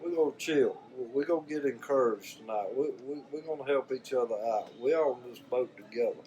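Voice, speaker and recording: This man's mid-range voice is brisk and warm, with slight background noise and poor audio quality. He's an older vlogger with a Southern US accent giving a casual, heartfelt talk to camera, folksy and rambling, often saying the same words again.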